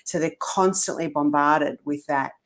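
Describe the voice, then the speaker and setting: Woman podcast host, lowish voice, earnest and rambling. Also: a little slow. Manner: earnest, rambling questions full of restarts. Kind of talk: conversational podcast interview.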